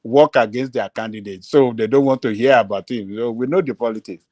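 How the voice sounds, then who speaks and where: A Nigerian man arguing in a heated online political discussion, insistent and halting, slipping into Pidgin. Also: mid-range voice, darkish tone, no room sound. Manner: insistent, hesitant, mixes in Pidgin. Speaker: panelist.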